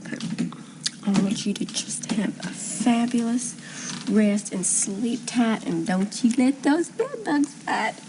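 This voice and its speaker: An actress playing a sweet, doting young wife and would-be singer in a 1970s TV soap. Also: female voice, fairly high pitch, animated, slow, background noise. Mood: soothing.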